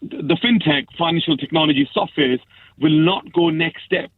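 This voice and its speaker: Halting man on a tinny phone line. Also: fairly high pitch, dry recording. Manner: halting, repeats words while explaining. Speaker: guest on a phone-in, former banker.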